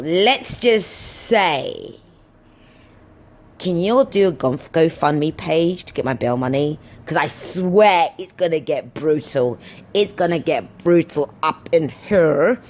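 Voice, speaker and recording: A woman hosting her own podcast, rambling chattily and excitably through stories and swearing freely. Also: lowish voice, slight background noise. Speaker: podcast host. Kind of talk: casual solo podcast chat.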